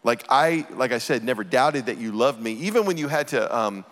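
A man's voice: mid-range voice, lively intonation, fairly quick, fairly bright tone. A middle-aged man preaching a sermon as a pastor, earnest and emphatic. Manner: earnest, emphatic scripture reading. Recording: church hall reverb.

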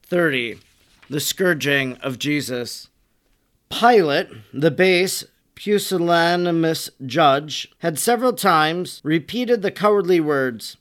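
A male narrator reads a religious text aloud as an audiobook. His voice sits a little high, and his delivery stays solemn and measured. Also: a bit bright.

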